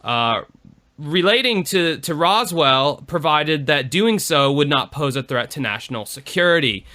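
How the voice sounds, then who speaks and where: Podcast guy rambling along, lots of ums, bright clean voice. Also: a little high, expressive, measured pace. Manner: rambling, many fillers. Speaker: podcast co-host. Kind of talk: casual chat.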